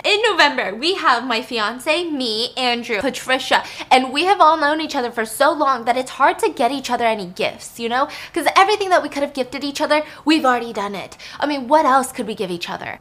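A woman's voice: high-pitched, lively intonation, a little fast, few pauses, a bit bright. A young woman casually retelling a film plot in a chatty way, with lots of like and you know. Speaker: storyteller.

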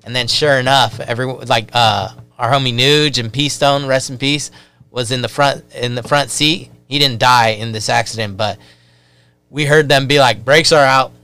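A man with a bright, clear voice tells a story in loose, profane, casual chat. His speech rambles and is animated. It is full of fillers and swearing. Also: mid-range voice, moderate pace. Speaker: podcast guest.

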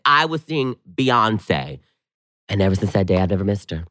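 A man co-hosting a podcast, telling stories in casual, slangy chat and jumping up in pitch when excited. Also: moderate pace, no echo, studio quality. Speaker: podcast co-host.

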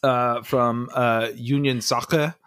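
A man's voice: medium pitch, fairly even intonation, takes it slowly, a bit bright, clear, resonant tone. A young man co-hosting a podcast, chatting casually and enthusiastically with lots of fillers. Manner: enthusiastic, rambling with many fillers. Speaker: podcast co-host. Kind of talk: casual chat.

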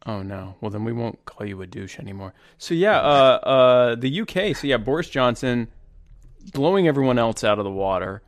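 A man's voice: mid-range voice, animated, normal speed, dry recording. Chatty man co-hosting. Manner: rambling, chuckling, restarts often. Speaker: co-host. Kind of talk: casual political chat.

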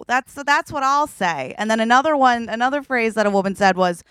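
A woman co-hosting a podcast in casual chat, playful and animated, laughing often as she tells stories. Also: on the high side, brisk, hardly any pauses, smooth, no room sound. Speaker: podcast co-host.

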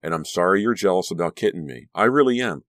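A man's voice: low-pitched, animated, quick pace, fairly bright tone, no room sound, clean studio sound. A man voicing a fierce, frightened teenage girl in an audiobook, with a breathless, agitated delivery. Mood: defiant.

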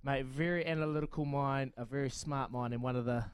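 A man's voice: medium pitch, fairly even intonation, a little fast, clear, resonant tone, no echo. A man hosting a casual sports chat, joking and laughing easily. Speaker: host.

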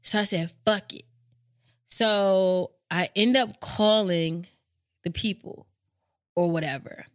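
Woman host; animated, profane storyteller who acts out the lines. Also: mid-range voice, slow, long pauses, no echo, clean studio sound. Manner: animated, profane, acts out her own quotes. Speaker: podcast host. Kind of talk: casual storytelling monologue.

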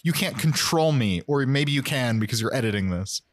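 A man's voice: medium pitch, animated, moderate pace. A man co-hosting a podcast, chatting casually and rambling with jokes and laughs while he recaps an episode. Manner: rambling, joking, laughs a lot. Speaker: podcast co-host. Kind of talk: casual chat recapping a show.

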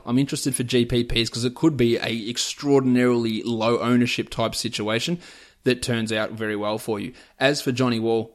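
A man hosting a casual sports podcast, with a voice sitting at an ordinary middle pitch. He reels off numbers and player prices in an easygoing, opinionated stream of analysis. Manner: rattles off player stats and prices in a chatty, opinionated way. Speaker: fantasy basketball podcast host.

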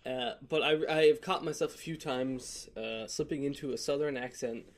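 A man's voice: medium pitch, moderate pace. A man co-hosting a podcast in casual, joking chat, loose and profane, laughing often. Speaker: podcast co-host. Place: lives in Florida.

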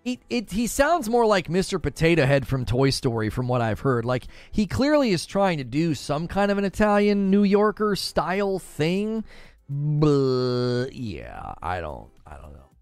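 A man's voice: a little high, huge pitch swings, moderate pace, hardly any pauses, no echo, faint music behind. A man hosting a gaming news show, rambling in casual chat and answering viewers' questions.

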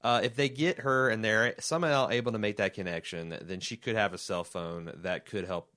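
A man's voice: lowish voice, a little fast, sharp tone. A man co-hosting a podcast, chatting casually and rambling with profanity and restarted sentences. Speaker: podcast co-host. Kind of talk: casual chat.

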